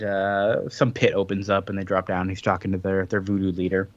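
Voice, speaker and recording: Animated man recapping a comic. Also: low voice, no echo, lo-fi sound. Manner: animated retelling with quick put-on character voices. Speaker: podcast co-host. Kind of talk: casual chat recapping a comic.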